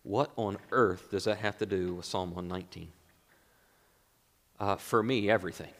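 A man preaching a sermon, swinging between loud exclamations and hushed, near-whispered lines. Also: deep voice, normal speed. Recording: long hall reverb.

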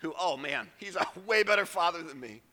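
A male pastor with a high, bright, forceful voice preaches an earnest sermon. He swings between hushed, low phrases and emphatic peaks. A long church-hall reverb trails each line. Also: lively intonation, fairly quick. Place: church sanctuary.

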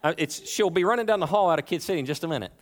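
A man in his thirties preaching a sermon in a church, talking in a relaxed, conversational way, with playful asides and frequent restarts. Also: a little high, rapid-fire. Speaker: pastor.

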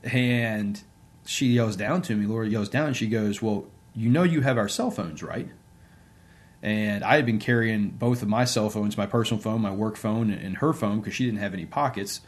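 A man's voice: on the low side, fairly even intonation, moderate pace. A man, an interview guest and sports coach, telling a personal story in a casual, conversational way with many fillers.

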